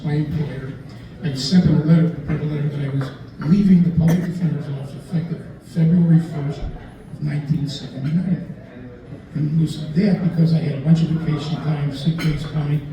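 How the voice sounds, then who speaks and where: A man's voice: fairly high pitch, mellow, highs cut off, slight background noise. An older man, a lawyer, telling rambling stories at a dinner talk, chuckling and acting out the voices of the people in them. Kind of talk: anecdotal after-dinner storytelling. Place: dinner event in a restaurant room. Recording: distant, echoey room with faint ambience.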